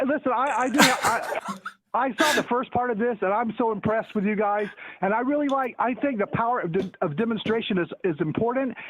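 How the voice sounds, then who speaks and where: Over a tinny, dry phone connection with a little hiss or hum, a man whose voice sits high calls in to a talk show. He rambles casually, cracking jokes and often stumbling and restarting.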